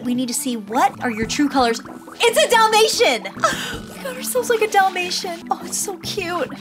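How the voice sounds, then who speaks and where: Woman, gaming commentary, high voice, very animated, sweet baby talk, game music behind. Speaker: gaming YouTuber. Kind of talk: let's play commentary.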